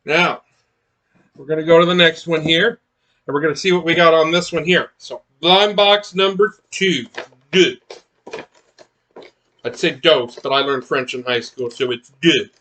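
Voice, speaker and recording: A man's voice: fairly high pitch, moderate pace, pushed and bright. A man chatting casually as he unboxes miniatures, rambling with many fillers and restarts. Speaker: miniatures collector unboxing blind boxes.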